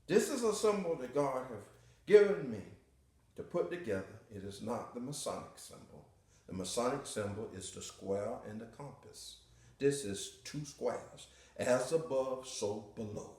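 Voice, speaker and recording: An American man teaching in an impassioned sermon style, emphatic and repetitive, swinging from quiet passages to booming declarations. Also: animated, measured pace. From United States. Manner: emphatic, repeats key phrases, swings between quiet and booming. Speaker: religious teacher. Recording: echoey room, voice far from the mic.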